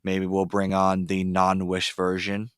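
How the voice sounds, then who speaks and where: A man hosting a casual podcast, rambling with lots of fillers and telling excitable stories. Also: low-pitched, measured pace, smooth, dry recording, studio quality. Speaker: podcast host. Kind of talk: casual chat. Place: ice fishing shanty.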